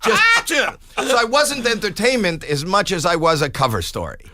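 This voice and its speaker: A man in his sixties, a podcast guest telling a comic story in an animated way and acting out the quoted voices. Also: sits high, a little fast, no echo, clean studio sound.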